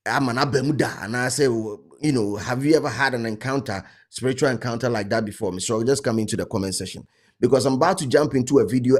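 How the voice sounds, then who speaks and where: Subdued hesitant Ghanaian host man. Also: medium pitch. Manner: subdued, hesitant, many fillers. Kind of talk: casual commentary.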